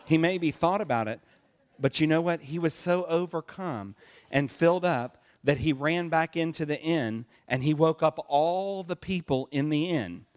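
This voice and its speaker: A man leading a church service, telling a picture-book story and asking the audience questions. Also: on the high side. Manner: animated, asks the audience questions. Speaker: pastor.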